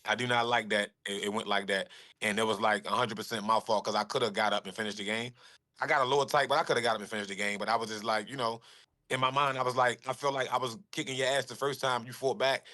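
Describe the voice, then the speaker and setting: A man who is a guest on a casual interview, telling stories in animated street slang. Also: mid-range voice, quick pace.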